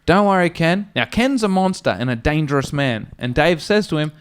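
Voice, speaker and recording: On a comedy podcast, a man with a slightly high, clean voice tells a funny story at a brisk clip. He's animated and swears freely, raising his voice as he acts out the people in it.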